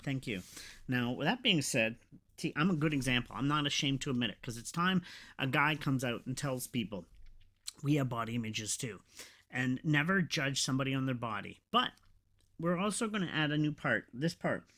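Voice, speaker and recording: Rambling emotional man with a bright voice. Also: mid-range voice, animated. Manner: rambling, emotional, halting with fillers. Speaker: podcast host. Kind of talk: casual confessional podcast talk.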